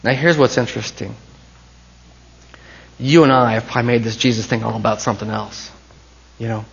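Guy preaching, gravelly voice, gets quiet then climbs way up, bit of a dull lo-fi sound. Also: medium pitch, steady tone, fairly quick. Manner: impassioned preaching, swinging from hushed to rising. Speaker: pastor. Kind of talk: sermon.

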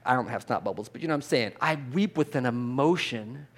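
With a medium-pitched voice and a slightly quick pace, the pastor keeps his sermon informal and talky. He restarts phrases, repeats words, and becomes loud and animated for emphasis.

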